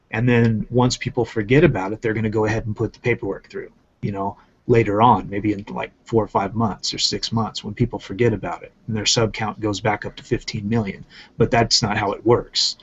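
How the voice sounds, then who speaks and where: A man's voice: lowish voice, fairly even intonation, brisk, slight background noise. A man ranting in casual commentary, swearing often and repeating himself for emphasis. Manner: profane, emphatic, repetitive ranting. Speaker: channel host. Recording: muffled lo-fi audio.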